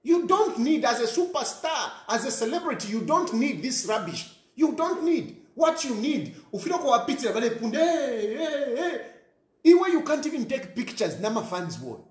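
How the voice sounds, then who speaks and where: A man with a Zambian accent giving an animated social media rant, scolding and mixing English with a local language. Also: extremely high pitch, normal speed, roomy sound.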